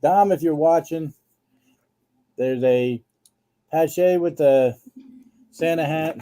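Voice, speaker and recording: A man's voice: fairly high pitch, takes it slowly, mellow. A man hosting a live card-sale stream, chatting casually and listing cards as he shows them.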